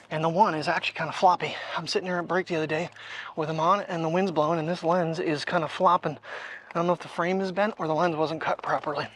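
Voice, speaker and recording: A man's voice: a little high, fairly bright tone, slight background noise. A man chatting casually to the camera while out on a walk, rambling and thinking aloud with lots of fillers. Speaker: daily vlogger. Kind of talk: casual vlog chat. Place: outdoors on a walk. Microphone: wireless clip-on mic.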